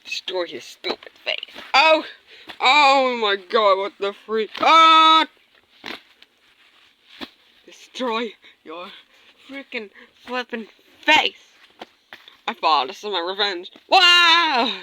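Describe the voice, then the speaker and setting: A woman's voice: a little high, sing-song, extremely slow, pauses often, bright, forceful tone. A woman voicing plush toys in a skit, screaming and gasping dramatically. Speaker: plush toy video narrator.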